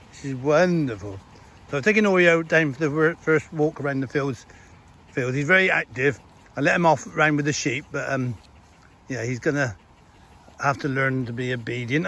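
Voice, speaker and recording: Man, farmer, casual chat, reminiscing, laughs often, outdoors in a field, dog nearby, mid-pitched voice. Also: normal speed, a bit bright. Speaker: farmer vlogger.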